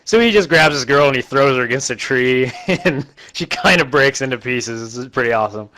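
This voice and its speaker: A man recapping a terrible movie in a casual, rambling, deadpan way, quickly putting on the characters' voices. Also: mid-range voice. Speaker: host recapping a bad movie.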